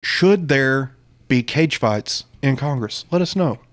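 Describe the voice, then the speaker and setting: A man's voice: medium pitch, lively intonation, slow pace. A man co-hosting a casual political livestream, talking in a brash, profane, joking way. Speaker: podcast co-host.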